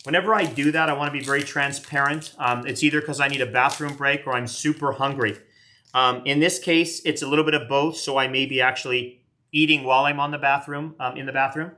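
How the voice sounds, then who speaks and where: A man's voice: medium pitch, steady tone, brisk, sharp tone. A man in his late fifties, chatting casually as he opens trading card packs on a live stream, rambling and self-deprecating. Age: 50s. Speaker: card collector doing a live box break.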